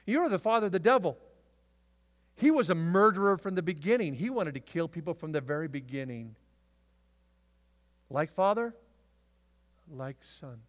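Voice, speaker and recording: A man preaching a sermon to his church, swinging from loud, emphatic declarations to hushed asides. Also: sits high. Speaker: pastor. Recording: long hall reverb.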